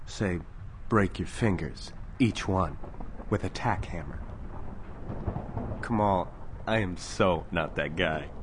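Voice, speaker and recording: Brief: actor voicing a menacing crime boss, very low voice, calm and wry, faint room hiss. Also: male voice, takes it slowly, long pauses. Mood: smooth. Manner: calm, wry, quietly threatening. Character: menacing male crime boss, smooth and threatening. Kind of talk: audio drama acting.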